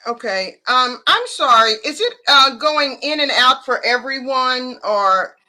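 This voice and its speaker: A woman hosting a casual conversation over a video call, listening closely and often giving soft affirmations. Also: sits high, lively intonation, measured pace, low-quality recording. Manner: attentive, frequent soft affirmations. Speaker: host.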